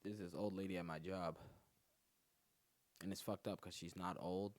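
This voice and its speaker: A man hosting his own comedy podcast alone, rambling through profane, animated stories. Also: normal speed, no echo. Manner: profane, animated storytelling that jumps in pitch. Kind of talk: rambling solo comedy monologue.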